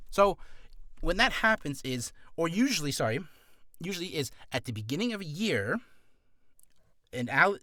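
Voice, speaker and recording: A man's voice: medium pitch, pushed and bright, dry recording, studio quality. A man who is a voice actor, giving casual advice in a rambling, self-deprecating, jokey vlog.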